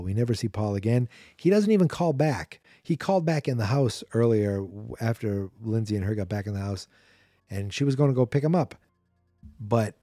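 A man's voice: mid-range voice, dark tone, no echo, studio quality. Chatty man recapping a horror film. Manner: chatty, sarcastic, acts out character lines. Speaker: podcast host. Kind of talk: casual movie recap.

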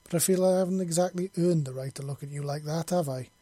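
A man's voice: a little high, fast, warm tone, dry recording, close to an everyday voice. Man doing a nervous, apologetic young soldier.

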